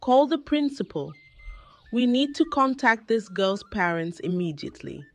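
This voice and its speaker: A woman voicing an elderly grandmother who speaks gently but firmly, in a slow, measured way. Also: expressive. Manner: gentle but firm, slightly higher pitch.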